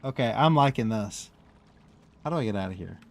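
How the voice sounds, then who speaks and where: A man's voice: on the low side, lively intonation, fairly quick, creaky, a little hiss or hum. A man from the US Midwest streaming a game, chatting casually as he plays, rambling and breaking off mid-thought with frequent laughs. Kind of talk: casual live-stream commentary.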